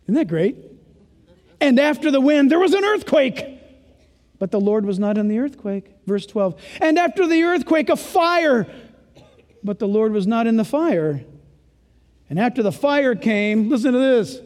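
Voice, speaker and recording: A man preaching a sermon, emphatic and exclamatory, swinging from loud to hushed. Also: very high voice, lively intonation, a little slow, in a large hall.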